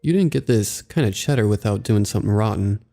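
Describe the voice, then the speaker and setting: A gruff, dismissive mover who brushes things off in a few curt words, as a man puts him on. His voice is low and gravelly, with a dark, mellow tone in a storybook horror tale. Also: lively intonation, brisk, soft background music.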